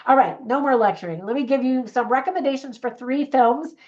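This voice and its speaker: A woman's voice: high-pitched, a little fast, a little mellow. Chatty woman reviewing movies, lo-fi sound. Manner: chatty, earnest, with fillers and restarts. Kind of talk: casual spoken movie review.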